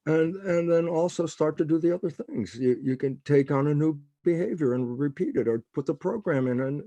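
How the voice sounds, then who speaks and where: An older man speaking as a podcast guest, his voice gravelly and a little husky. He tells stories in a lively way, swinging up and down in pitch as he acts out what people said. The sound is dry and close, with no room echo. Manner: animated storytelling, acts out quoted dialogue. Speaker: guest biologist. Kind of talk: interview conversation.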